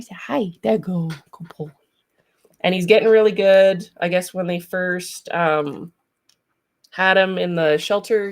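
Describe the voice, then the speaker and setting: Chatty woman with a gravelly low voice. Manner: rambling, chatty, lots of ums. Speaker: streamer. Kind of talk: casual live stream chat. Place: home, with a large dog nearby.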